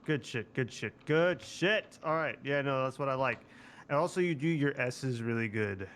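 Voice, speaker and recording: A man from Kansas chatting casually during an online game role-play, loud and excitable, swearing often and restarting his sentences. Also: mid-range voice, normal speed, a little hiss or hum. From Kansas, USA.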